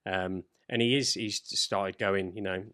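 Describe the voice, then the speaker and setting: A man's voice: low-pitched, measured pace. A man co-hosting a podcast, telling stories in casual chat, swearing and acting out the people he quotes. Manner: animated storyteller, swearing, acts out quoted voices. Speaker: podcast co-host.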